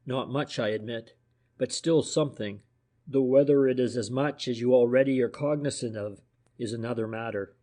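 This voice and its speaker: A sly private detective, as a man reads him, always polite but insinuating. He speaks at a middling pitch, a touch louder than the narration, in a classic mystery audiobook. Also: normal speed, natural voice. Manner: deferential, insinuating. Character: furtive, civil male private detective.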